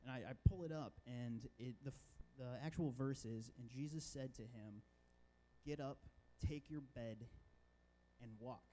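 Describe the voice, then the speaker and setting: A young man shares his testimony from a church stage in a casual way, full of filler words. His voice sits in a middle range, warm and relaxed, with a faint hum behind him. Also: medium pitch, a little slow, low-quality recording. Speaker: church intern. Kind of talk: personal testimony.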